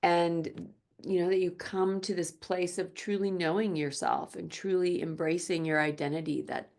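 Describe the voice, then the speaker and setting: A woman teaching a gentle yoga class, speaking softly and slowly. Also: on the low side, steady tone, gravelly. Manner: slow, soft-spoken, drifts into quiet chanting.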